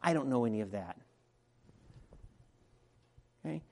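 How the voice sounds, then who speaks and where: Conversational preacher in a reverberant hall. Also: male voice, mid-range voice, expressive, unhurried, creaky. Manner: conversational preaching, swings between soft asides and loud emphatic peaks. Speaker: pastor. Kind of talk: sermon. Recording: long reverb of a large hall.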